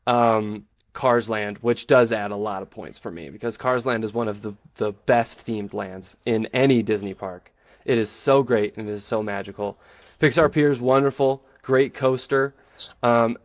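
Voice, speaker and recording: A man giving an enthusiastic, playfully boastful pitch in a casual group chat, then taking questions. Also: no room sound, highs cut off. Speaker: presenter defending a theme park in a group chat.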